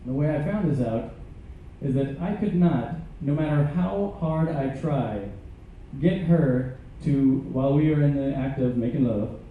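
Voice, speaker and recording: A man's voice: medium pitch, a little slow, slight background noise. Man doing stand-up in an echoey hall. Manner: absurd jokes delivered with hesitant "uh" fillers. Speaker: comedian and musician. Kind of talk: stand-up comedy. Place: large ship theater. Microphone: stage mic heard from a distant camera. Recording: echoey, distant, tinny audience recording.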